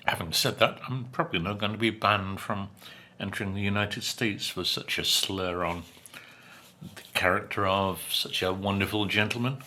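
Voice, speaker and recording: A man's voice: lowish voice, steady tone, pushed and bright. A man reviewing takeout food in a casual chat while he eats, with dry humor, chewing and humming between remarks. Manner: unhurried, chatty, dry humor, chews and hums between remarks. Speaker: food vlogger.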